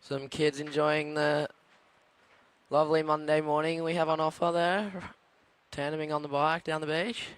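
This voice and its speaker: A man giving steady, informative play-by-play at a live surf contest, reading out scores and surfers' colours. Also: a little high, normal speed, smooth. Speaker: surf commentator. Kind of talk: live sports commentary.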